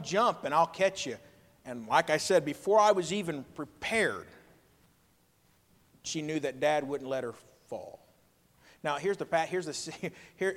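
A man, a pastor preaching a sermon with emphatic swings between loud and quiet. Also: on the high side. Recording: long reverb of a hall.

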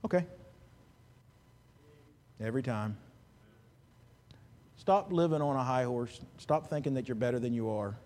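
A man preaching a sermon as a pastor, animated, swinging between loud and hushed, with chuckling asides. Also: mid-range voice, normal speed, long pauses, in a large hall.

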